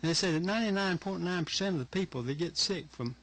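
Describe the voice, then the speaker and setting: An older man gives testimony in a hearing room, his voice husky and pitched a little high. He speaks earnestly and haltingly, stopping to collect himself as he tells his story. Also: fairly bright tone. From Georgia, USA. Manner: earnest, halting, emotional retelling. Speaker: witness testifying at a legislative hearing. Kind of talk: public testimony.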